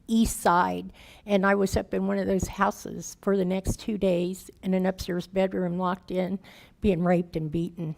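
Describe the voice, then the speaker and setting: A woman's voice: mid-range voice, creaky, darkish tone. A woman in her fifties, a guest speaker telling her recovery story in candid, plain-spoken, folksy words, emotional and raw. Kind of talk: personal recovery testimony.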